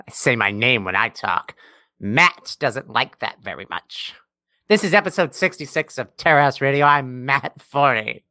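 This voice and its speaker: Man putting on a mocking co-host parody, teasing, lively pitch, dry sound. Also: normal speed, no echo. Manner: teasing, mock-serious, lots of stammered fillers. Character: mocking impression of a male co-host. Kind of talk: comedic podcast banter.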